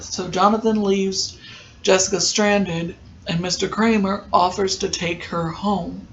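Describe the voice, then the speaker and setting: This is a podcast host recapping a TV episode in a loose, conversational way, drifting into asides and filling gaps with ums. The voice sits at an ordinary middle pitch. The recording is muffled and lo-fi, with a faint hiss underneath. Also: steady tone, measured pace, fairly bright tone. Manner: chatty, digressive, with frequent ums and asides.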